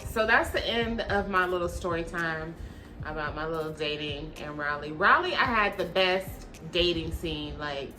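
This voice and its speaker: Bright, blunt woman telling a story. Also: lowish voice, moderate pace, soft background music. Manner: blunt, animated storytelling with swearing and slang. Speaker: vlogger. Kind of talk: storytime chat to camera.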